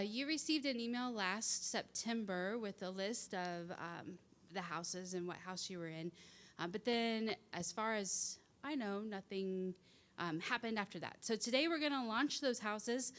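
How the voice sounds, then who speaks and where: A woman's voice: medium pitch, fairly bright tone. A woman who is dean of students, giving a friendly, casual talk with many fillers in a university chapel.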